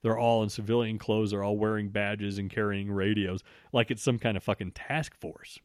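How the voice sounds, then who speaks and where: A man's voice: lowish voice, moderate pace, no echo, studio quality. A man casually telling a story, swearing freely and restarting his sentences as he goes. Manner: swears freely, frequent restarts, animated retelling.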